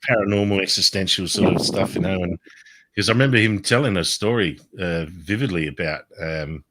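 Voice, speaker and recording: Deep-voiced laid-back Australian man. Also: a little fast, very noisy. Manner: laid-back, hesitant, chuckling. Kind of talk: casual chat.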